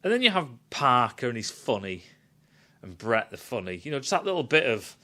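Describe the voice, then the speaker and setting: A man giving a profane, animated rant as he critiques a film. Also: mid-range voice, a little fast. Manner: animated, swears a lot, acts out quotes. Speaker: film reviewer.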